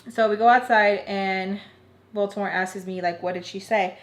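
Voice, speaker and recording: A young woman tells a personal story to her viewers in a loose, chatty way. She fills her sentences with "like" and often speaks to the audience as "you guys." Her mid-range voice carries a clear room echo. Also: mid-range voice, fairly even intonation, normal speed. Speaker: storytime vlogger. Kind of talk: casual storytime narration. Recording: roomy echo.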